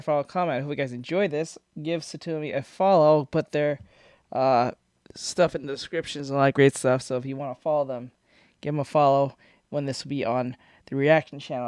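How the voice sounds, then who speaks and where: A man hosting a reaction video, shouting and swearing at scary moments and mumbling his asides between them. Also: mid-range voice, fairly even intonation, fairly quick, dry recording, studio quality. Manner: loud swearing outbursts and screams, then mumbling asides. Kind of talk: casual reaction commentary. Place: home recording room with foam treatment. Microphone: desk microphone.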